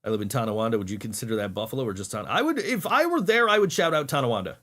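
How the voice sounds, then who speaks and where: Podcast host, male, from Niagara Falls; rambling exasperated rants, animated pitch. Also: very fast. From Niagara Falls, New York. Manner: rambling, exasperated ranting with many fillers. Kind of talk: casual solo podcast chat.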